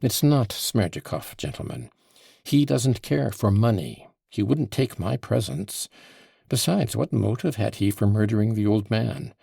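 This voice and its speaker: A man's voice: fairly low pitch, animated, measured pace, vocal fry, mellow, husky, no echo, studio quality, full character voice. A man voicing an agitated, passionate accused man in an audiobook, with heated, emphatic outbursts. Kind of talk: audiobook character voice.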